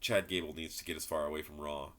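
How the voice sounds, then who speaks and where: A man's voice: extremely low pitch, little pitch movement, fast talker, fairly bright tone. A man giving a frustrated, rambling wrestling review, swearing and repeating himself. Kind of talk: ranting solo commentary.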